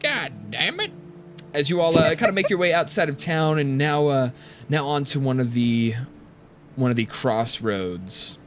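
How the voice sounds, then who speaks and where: Man, game master, live-stream tabletop narration, mid-pitched, lots of uhs. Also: normal speed, music in the background. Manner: descriptive, full of uh and restarts.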